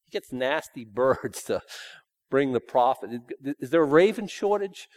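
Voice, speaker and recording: A man preaching a sermon in a folksy, emphatic way, swinging between loud points and hushed asides. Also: medium pitch, animated, a little slow, no echo.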